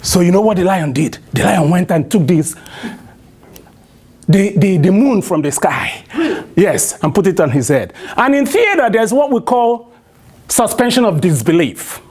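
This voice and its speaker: High-voiced Nigerian storyteller calling for responses. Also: male voice, measured pace, breathy edge. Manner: call-and-response questions, animated. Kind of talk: live oral storytelling to an audience.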